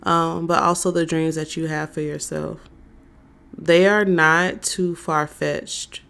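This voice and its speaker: A woman doing a live-streamed tarot reading, talking slowly with many fillers and answering chat messages. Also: deep voice, flat delivery, vocal fry, fairly bright tone, smooth. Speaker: tarot reader.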